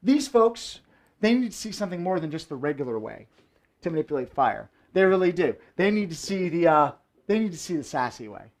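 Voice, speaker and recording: A man's voice: a little high, very animated, brisk. A man performing fire tricks from home for a live stream, joking and hyping up the audience. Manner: playful, joking, hyped-up showman. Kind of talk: live-streamed show banter. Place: home room indoors.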